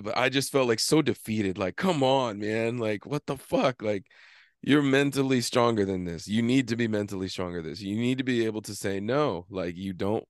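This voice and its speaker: A man's voice: medium pitch, no echo, studio quality. A man on a podcast, casually telling a story with lots of swearing and acting out his own inner argument. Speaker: podcast co-host. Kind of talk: casual chat.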